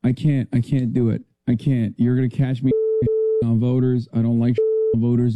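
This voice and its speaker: A man's voice: mid-range voice, little pitch movement, normal speed, warm tone, no room sound. A man ranting with exasperation and sarcasm in a played commentary clip. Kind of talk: podcast commentary, playing a clip. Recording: dull, dry played clip.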